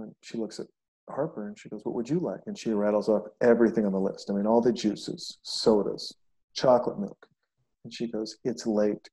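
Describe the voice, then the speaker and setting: A man, probably a podcast host, chatting casually and telling animated stories, often acting out the voices of people he quotes. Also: on the low side, husky. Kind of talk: casual conversation.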